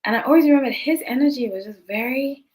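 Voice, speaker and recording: A woman's voice: sits high, fast, darkish tone, rough recording. A woman hosting a tarot channel, telling a personal story to camera in a casual, rambling way, full of asides and self-corrections. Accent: non-local accent noticed by others.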